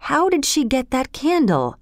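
A worried male court doctor whispers his alarm at what he sees, voiced by a woman narrator. The voice rides noticeably higher than her own and stays close and dry. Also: huge pitch swings, moderate pace, no echo, exaggerated voice. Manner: hushed, troubled questioning. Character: anxious male court doctor, grave and cautious.

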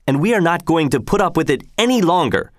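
A man's voice: a little high, very animated, moderate pace, a bit bright, dry recording, clean studio sound, voice pushed up. A man voicing a nervous peasant leader who speaks in a raised, strained, pleading way. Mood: pleading, defiant.

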